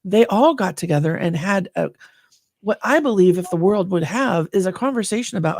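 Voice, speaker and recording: A woman's voice: fairly low pitch, lively intonation, fairly quick, vocal fry, darkish tone, no room sound, studio quality. A woman co-hosting a candid podcast conversation, talking with effusive, emotional enthusiasm. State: slightly choked up. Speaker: podcast co-host.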